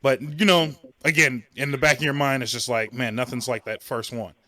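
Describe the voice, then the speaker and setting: A man co-hosting a podcast, talking in a relaxed, casual way and laughing between remarks. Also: medium pitch, a little fast, no room sound. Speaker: podcast co-host.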